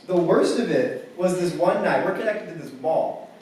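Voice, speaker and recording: A man's voice: high voice, a little mellow, a little hiss or hum. A young man doing a stand-up comedy set, telling stories in a wry, casual way with lots of "like". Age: young adult. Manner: casual, wry storytelling with filler "like". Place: campus theater stage before a live audience. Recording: very echoey hall from far off.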